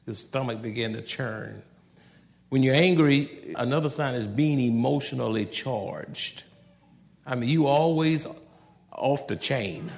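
A pastor preaches in a folksy, conversational style, swinging between loud outbursts and soft asides and laughing at his own jokes. His mid-range voice is gravelly and a little slow, with a long reverb tail.

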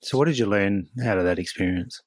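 A man's voice: deep voice, fairly quick, no room sound. A man interviewing guests, asking short curious questions. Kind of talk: casual interview.

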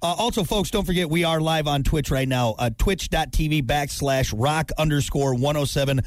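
A man's voice: on the high side, moderate pace, no echo. A man co-hosting a morning radio show, joking in casual banter on a studio mic. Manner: joking, lively, animated storytelling.

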